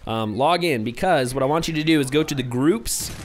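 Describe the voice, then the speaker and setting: Young male gaming commentator, hyped and scattered, slightly high voice, faint hiss behind. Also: brisk. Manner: hyper, rambling, easily distracted. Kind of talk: casual gameplay commentary.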